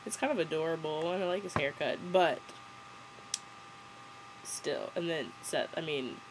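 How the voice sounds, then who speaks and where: A woman's voice: sits low, a little slow, background noise. A young woman rambling through a casual, sarcastic movie review, giggling as she goes.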